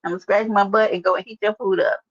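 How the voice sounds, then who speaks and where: A woman's voice: medium pitch, steady tone, fast, dry recording, muffled recording. A woman hosting a casual livestream, chatting and teasing as she answers viewers by name. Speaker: livestream host. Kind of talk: casual live-stream chat.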